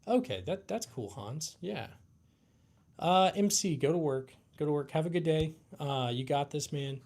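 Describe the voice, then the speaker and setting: A tired man from the United States hosting a casual live Q&A stream, talking in a laid-back, halting way with many fillers and restarts. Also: a little high, animated, a little mellow. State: tired, yawning. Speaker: livestream host.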